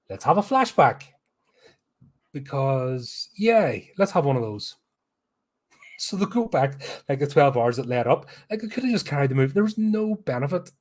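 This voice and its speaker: A Belfast man in full rant mode, tearing into a film with blunt sarcasm and plenty of swearing. His pitch sits mid-range for a man and his talk is casual and unscripted. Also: a little mellow. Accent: Northern Irish, Belfast. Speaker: podcast host, film reviewer.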